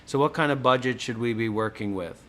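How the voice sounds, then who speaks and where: A man's voice: medium pitch, brisk, a bit bright. Insistent man asking pointed questions. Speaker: host. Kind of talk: casual livestream chat.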